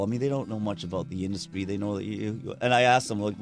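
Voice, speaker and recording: A man's voice: fairly low pitch, quick pace, hardly any pauses. A man talks casually as a podcast guest, swearing freely and acting out other people's lines as he tells his stories. Faint music plays underneath his voice. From Canada. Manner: candid, profane, animated storyteller who acts out quotes. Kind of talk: casual conversational storytelling.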